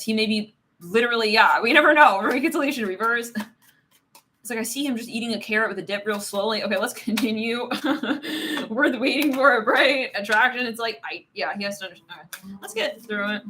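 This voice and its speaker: A woman's voice: fairly high pitch, a little fast, pushed and bright, slight background noise. A woman doing a live tarot reading, rambling and giggling, filling her talk with "it's like". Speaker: tarot reader.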